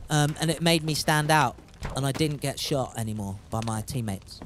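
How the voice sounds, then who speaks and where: A man's voice: medium pitch, moderate pace, slight background noise. A man chatting and joking as he streams a game, laughing often. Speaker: gaming streamer. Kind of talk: casual live gameplay commentary.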